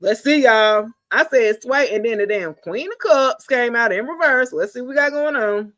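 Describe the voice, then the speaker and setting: A woman, giving a casual live tarot reading in a chatty, animated, slangy way, talking straight to her viewers. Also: on the high side, normal speed. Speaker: tarot reader.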